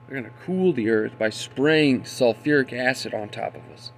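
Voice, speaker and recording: Gravelly-voiced man ranting profanely. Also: medium pitch, normal speed, a little hiss or hum. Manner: profane, indignant, loses his train of thought. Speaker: conspiracy commentator. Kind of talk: rambling monologue.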